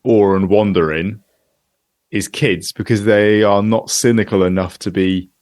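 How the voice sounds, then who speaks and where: A man's voice: on the low side, fairly even intonation, unhurried, darkish tone, no room sound. A man co-hosting a podcast in casual chat, analytical and given to dry short quips. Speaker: podcast co-host.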